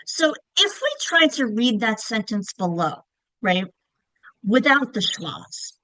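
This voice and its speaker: A woman's voice: on the high side, a bit bright, no room sound, poor audio. A middle-aged woman with a Long Island accent, teaching a lesson on reading and often checking in with listeners. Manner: explanatory, frequent "right?" check-ins. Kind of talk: instructional presentation.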